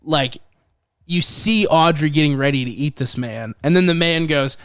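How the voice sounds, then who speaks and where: A fairly high-voiced man talking through a film in relaxed podcast chat. He is animated and curses freely, and he slips into quick impressions of the characters. The sound is dry and close. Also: smooth, dry recording. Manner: animated, swearing, acts out movie lines. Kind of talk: casual chat.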